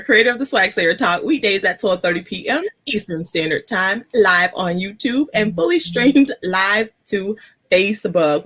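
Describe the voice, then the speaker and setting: A woman's voice: mid-range voice, fairly bright tone, slightly rough. A woman hosting a casual live stream, a little out of breath and chatty, laughing often. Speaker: host.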